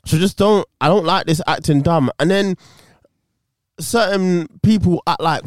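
This podcast co-host has a high, slightly mellow voice with big pitch swings and a moderate pace, chatting casually, bluntly and opinionatedly, swearing freely. The recording is dry and clean, studio-grade.

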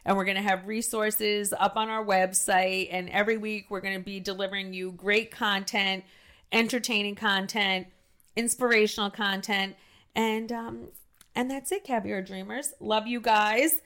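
A woman with a New Jersey accent hosting a podcast, talking loudly and effusively, with emphatic stresses and frequent restarts. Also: mid-range voice, fairly even intonation, moderate pace. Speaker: podcast host. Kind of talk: casual podcast chat.

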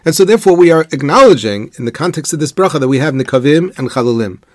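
A man's voice: fairly high pitch, animated, no echo. Man, Torah teacher, rhetorical questions, dry recording. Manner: measured explanatory delivery, posing rhetorical questions; weaves Hebrew quotations into English. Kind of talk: religious lecture.

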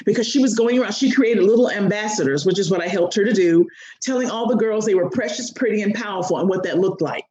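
A woman coach, a podcast guest, telling a story expressively and acting out the quotes. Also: muffled recording. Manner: expressive, acts out quotes with big pitch swings. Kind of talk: animated storytelling in an interview. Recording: roomy echo.

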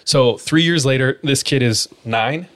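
A man's voice: medium pitch, a little slow. A man hosting a podcast, casually retelling a spooky account and leaning on "like" as a filler. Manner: relaxed retelling full of likes. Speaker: podcast host. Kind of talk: casual storytelling.

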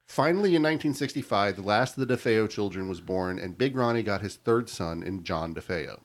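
Low-voiced man reading out a case. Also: fairly quick. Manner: steady storytelling, stumbles over names. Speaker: podcast co-host telling the story. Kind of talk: reading a case history in casual chat.

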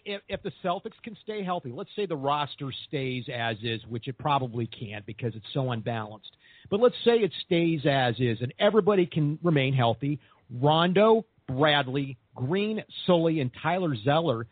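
A man's voice: fairly high pitch, animated, normal speed, dry recording. Upbeat man on a phone-like line. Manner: upbeat, optimistic. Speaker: podcast host. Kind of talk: sports talk podcast.

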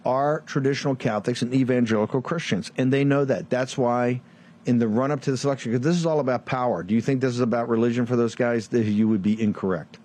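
A combative man hosts a political commentary show. He fires off rhetorical questions and sarcastic asides at a middling pitch. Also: quick pace, darkish tone. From Virginia, USA. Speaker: show host.

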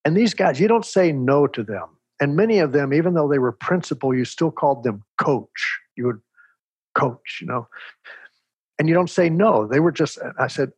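Older man, from Texas, husky, reflective storyteller, dry recording. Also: on the high side, dry recording, muffled recording. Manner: measured, reflective, animated storyteller. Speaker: interview guest. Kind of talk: storytelling in conversation.

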